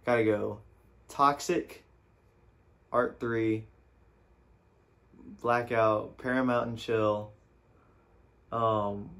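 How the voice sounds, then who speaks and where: A young man hosting a casual album reaction, rambling and relaxed with many "you know"s. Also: lowish voice, very slow, pauses often. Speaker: music reaction host. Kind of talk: casual album review chat.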